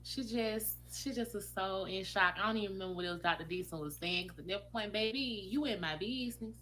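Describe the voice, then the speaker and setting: A woman's voice: mid-range voice, fairly quick, slight background noise, low-quality recording. A woman telling her own story casually, acting out the voices of the people in it. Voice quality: animated, acts out quoted voices.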